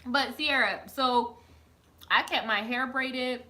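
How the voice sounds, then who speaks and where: Bright, chatty woman on a home live stream. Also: high voice, slow pace. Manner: chatty, laughs often, talks to chat by name. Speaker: live stream host reading viewer comments. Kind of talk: casual live stream chat.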